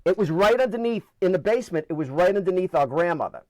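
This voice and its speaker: A man with a New York accent telling funny stories in a casual, animated way, acting out the voices in them. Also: high voice, fast, no room sound. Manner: animated, acts out voices in anecdotes. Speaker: guest storyteller. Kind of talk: casual storytelling.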